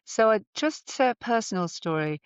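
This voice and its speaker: A woman's voice: on the high side, expressive, normal speed, smooth, dry recording. Thoughtful woman voice therapist. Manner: thoughtful, demonstrative, explains with examples. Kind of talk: explanatory conversational interview. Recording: slightly dull remote audio.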